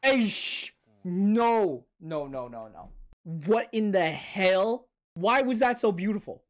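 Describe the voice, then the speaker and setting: A man hosting an anime reaction, his pitch swinging wildly between low mutters and yelps. He talks slowly and drawn out, swears freely and calls out to the characters as if they could hear him. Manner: excitable, swears a lot, bursts into shouts and gasps. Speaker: anime reaction channel host. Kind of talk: live reaction commentary.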